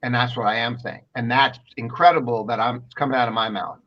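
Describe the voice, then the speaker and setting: A man's voice: mid-range voice, steady tone, fast, muffled recording. A man co-hosting a commentary show, talking emphatically and repeating himself as he rambles. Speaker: co-host. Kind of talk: casual commentary talk show.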